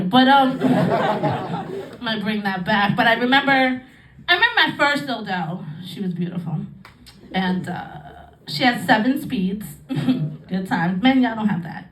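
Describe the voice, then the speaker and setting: High-voiced woman doing bawdy stand-up. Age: 30s. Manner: bawdy, laughing through her own jokes. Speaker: stand-up comedian. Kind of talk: stand-up comedy set. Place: comedy club stage. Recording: roomy club sound from a distant mic with crowd. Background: audience laughing and clapping.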